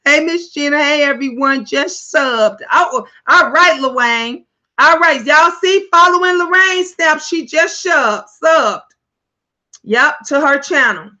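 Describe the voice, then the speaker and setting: Bright high-voiced woman livestream host. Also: lively intonation, takes it slowly. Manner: loud, laughing, profane and playful. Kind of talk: casual livestream chat.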